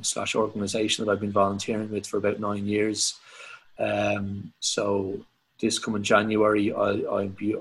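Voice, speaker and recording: An Irish man with a low, husky voice chats as a guest on a podcast. He talks in a reflective, halting way, often restarting his sentences and filling pauses. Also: low-quality recording. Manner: reflective, hesitant with many restarts and fillers. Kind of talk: casual conversation.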